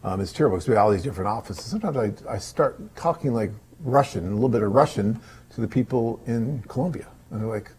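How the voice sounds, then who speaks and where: A middle-aged man with a husky voice hosts a live online Q&A, reading out viewer questions and answering them. He sounds chatty and reassuring, keeps his pitch in a middle range, and uses lots of casual fillers. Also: expressive, fast talker, darkish tone. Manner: chatty, upbeat and reassuring, with many "you know" fillers.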